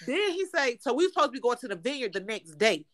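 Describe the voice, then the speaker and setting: A woman tells a story on her podcast in an animated, profane style, laughing as she goes. Her voice is bright and forward, and it sits a little high. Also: fast talker. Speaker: podcast co-host. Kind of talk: casual storytelling chat.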